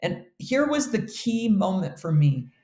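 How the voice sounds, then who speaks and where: A woman's voice: medium pitch, sing-song, unhurried, warm tone, roomy sound. Earnest woman telling a heartfelt story. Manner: earnest, heartfelt, with fillers like "like" and "you know". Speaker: guest telling her life story. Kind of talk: emotional personal storytelling.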